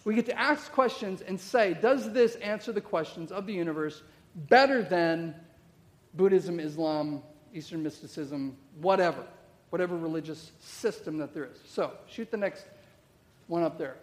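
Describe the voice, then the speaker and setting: A middle-aged man with a high voice preaches in a church, his words trailing off in a long hall reverb. His talk is loose and conversational, stacked with rhetorical questions and quick "okay?" check-ins. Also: darkish tone. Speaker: pastor. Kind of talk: sermon.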